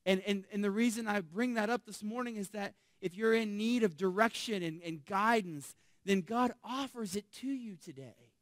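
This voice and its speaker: Male pastor, sermon delivery, emphatic swells and soft asides; voice a touch high, dry recording. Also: normal speed, few pauses, no room sound. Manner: emphatic preaching, rising loud on key phrases, dropping soft on asides.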